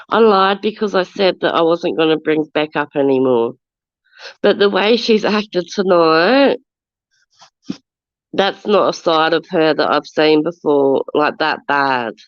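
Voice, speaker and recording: Her voice medium-pitched and the recording dry, a forties-aged Australian livestreamer with a cold-blocked nose gets defensive in a rant. She greets viewers as she goes, and the casual stream's audio is dull and lo-fi.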